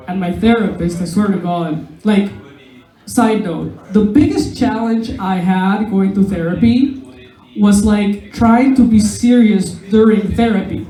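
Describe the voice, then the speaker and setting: Sex: woman. Role: stand-up comedian. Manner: casual and profane, laughs at her own jokes, slow and unhurried, mellow tone. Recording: roomy pub room. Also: mid-range voice.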